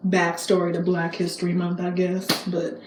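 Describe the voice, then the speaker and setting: A woman's voice: lowish voice, moderate pace. A woman vlogger telling a story in a chatty, slangy way, talking straight to her viewers with emphatic repeats. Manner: animated, emphatic repetition. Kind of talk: casual storytime. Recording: echoey room with faint hiss.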